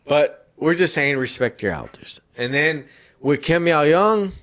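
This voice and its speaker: A man's voice: fairly high pitch, expressive, a little slow, fairly bright tone. A man hosting a podcast, telling a story in loose, profane, rambling casual chat. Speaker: podcast host.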